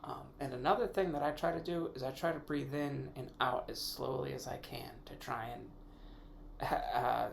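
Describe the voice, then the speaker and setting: A man hosts a solo podcast in a loose, rambling style, working ideas out aloud and correcting himself as he goes. His voice sits at an ordinary pitch with a gravelly edge. A faint hum runs under the recording. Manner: casual with mild swearing. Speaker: podcast host. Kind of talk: casual solo podcast musing.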